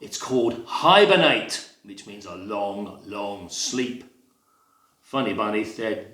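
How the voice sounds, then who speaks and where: A man telling a picture-book story to young children in a playful, animated way, with sound effects and asides to the listeners. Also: lowish voice, slow, echoey room. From England. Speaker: library storyteller.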